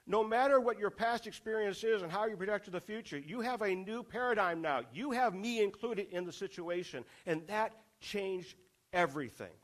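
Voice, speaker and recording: A man's voice: high-pitched, normal speed. A man preaching a sermon, asking the congregation rhetorical questions and driving points home through repetition.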